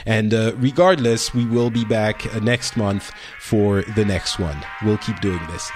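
A man with a French accent hosting a podcast panel chat, earnest and halting, with many fillers and restarts. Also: on the low side, over music. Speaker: podcast host.

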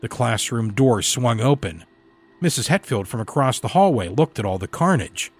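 A man reading a horror story aloud in a measured, dramatic storytelling delivery. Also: medium pitch, animated, husky, soft background music. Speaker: story narrator. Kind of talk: scripted horror narration.

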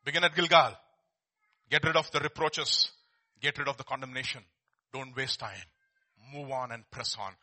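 A man preaching a sermon as a pastor, animated, swinging from soft asides to loud exhortation, repeating words and asking rhetorical questions. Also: medium pitch, normal speed, pauses often.

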